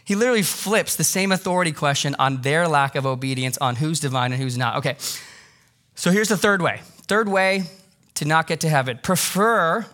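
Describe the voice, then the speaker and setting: A man pastor preaching a sermon, animated, acting out quoted voices and repeating for emphasis. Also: fairly high pitch, a little fast.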